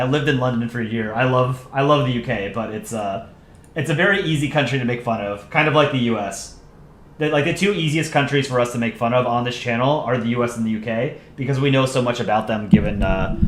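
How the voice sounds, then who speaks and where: A man's voice: medium pitch, a little hiss or hum. Young American man, casual stream host, rambling, chatty, room echo. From United States. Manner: rambling, chatty, reads viewer comments aloud. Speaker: channel host on a livestream. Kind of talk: casual livestream chat.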